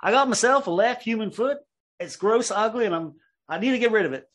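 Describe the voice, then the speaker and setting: Man putting on a loud Appalachian hillbilly. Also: high voice, expressive, fairly quick, voice pushed up. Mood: gleeful disgust. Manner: exaggerated drawl, raised and loud. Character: Appalachian hillbilly man, brash small-town trader. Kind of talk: mock impression inside a lecture.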